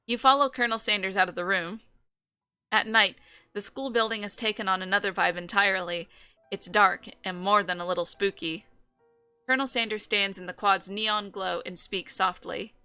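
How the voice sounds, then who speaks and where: Bright-voiced, nasal young woman streaming a game. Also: medium pitch, fairly even intonation, moderate pace, clean tone, dry recording, faint music behind. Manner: playful, laughing, mocking asides. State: nasal from a cold. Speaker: streamer playing a dating game. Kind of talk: reading game text aloud with reactions.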